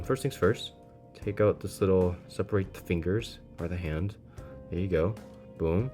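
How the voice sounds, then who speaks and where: A man casually reviewing a model kit, playful and self-deprecating, with frequent excited exclamations. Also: deep voice. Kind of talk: casual hands-on product review.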